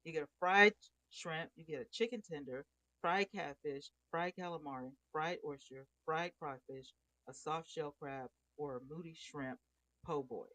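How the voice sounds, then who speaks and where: A woman's voice: low-pitched, normal speed, rough recording. Chatty woman livestreaming. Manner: chatty, greets viewers by name, expressive swings. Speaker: livestream host. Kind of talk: casual livestream chat.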